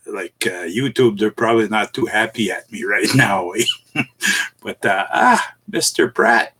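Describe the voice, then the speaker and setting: A husky-voiced middle-aged man greets his live-stream viewers one by one. His pitch rises and falls a lot as he chuckles through the chat, halting over fillers and adding "eh" at the ends of his sentences. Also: animated, fairly bright tone. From Canada. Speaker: livestream host.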